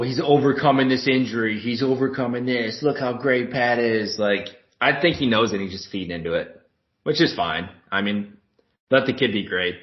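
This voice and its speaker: A man co-hosting a sports podcast in casual chat, blunt and profane, laughing often. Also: fairly low pitch. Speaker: podcast co-host. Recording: dull, lo-fi, roomy.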